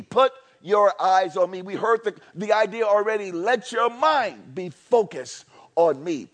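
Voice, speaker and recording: A male pastor preaching a sermon, calling on the congregation to repeat after him and repeating lines for emphasis, often restarting his words. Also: high voice. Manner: call-and-response preaching, repeats phrases for emphasis; stammering restarts, swings from hushed to loud.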